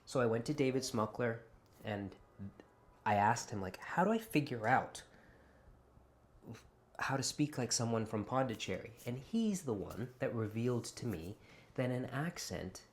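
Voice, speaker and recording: A man's voice: mid-range voice, unhurried, pauses often. A Canadian man in his forties, an actor speaking with an American accent, chatting to camera and switching in and out of accent demonstrations. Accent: General American, put on over a Canadian one. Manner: animated, slips in and out of accent demonstrations. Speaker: actor and vlogger. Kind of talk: casual talk to camera.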